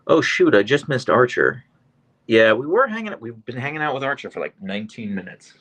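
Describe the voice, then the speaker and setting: Easygoing male stream host, gravelly fry, animated pitch, reads comments off his phone. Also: a little fast. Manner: chatty, easygoing, talks to his dogs between comments. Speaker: livestream host. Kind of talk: casual live chat reading viewer comments.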